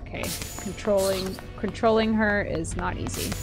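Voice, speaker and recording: A woman streamer playing a video game live, talking playfully, reacting loudly and laughing. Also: medium pitch, fairly even intonation, normal speed, over music. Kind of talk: live gameplay commentary.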